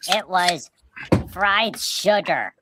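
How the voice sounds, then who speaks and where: A woman's voice: fairly low pitch, lively intonation, very slow, background noise. A woman co-hosting a casual podcast chat, telling rambling stories full of restarts and fillers. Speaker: podcast co-host.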